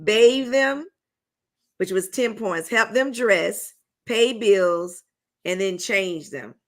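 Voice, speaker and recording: A woman's voice: mid-range voice, takes it slowly. A woman hosting a casual talk show, chatty and playful as she runs a party game for her guests. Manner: chatty and playful, with folksy phrasing.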